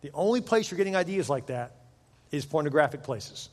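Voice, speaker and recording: A man's voice: on the high side, lively intonation, brisk. Joking man preaching in a reverberant hall. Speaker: pastor. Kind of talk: sermon. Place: large church auditorium.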